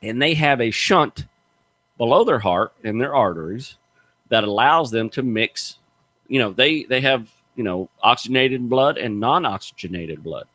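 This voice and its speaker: Middle-aged male radio host, animated folksy storyteller, very expressive pitch, dry close sound. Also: normal speed, no echo. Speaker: radio show host, gator hunter. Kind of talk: casual radio chat, storytelling.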